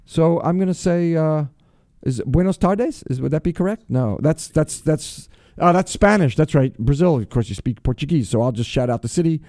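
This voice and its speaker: A man hosting a radio show, talking casually and exuberantly, reading out listener shout-outs with playful alliteration. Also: a little high, moderate pace, no room sound, clean studio sound.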